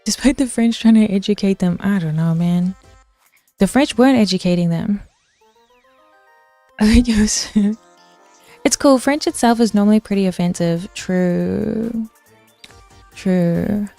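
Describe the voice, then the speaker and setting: Woman streamer, casual ranting lecturer, mellow tone, dry close sound, swears, chats with viewers. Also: mid-range voice, slow, pauses often, dry recording, faint music behind. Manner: chatty, swears, answers chat mid-sentence. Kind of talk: casual chat, ranting history lesson.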